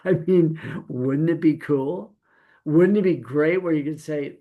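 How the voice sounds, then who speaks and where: A middle-aged man giving a Torah teaching as a sermon, animated and acting out quoted voices. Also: fairly high pitch, slow, pauses often, phone-quality sound.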